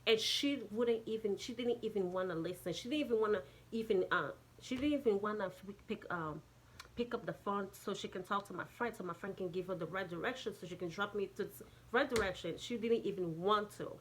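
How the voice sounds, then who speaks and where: A woman's voice: medium pitch, a little fast, slight background noise. A woman with a Jamaican accent telling a casual storytime, rambling, swearing and restarting sentences often. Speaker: vlogger.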